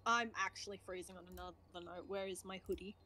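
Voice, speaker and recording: A woman's voice: fairly low pitch, steady tone, quick pace, pushed and bright, a little hiss or hum. A woman guest on a game stream, chatting casually in a teasing, sarcastic way.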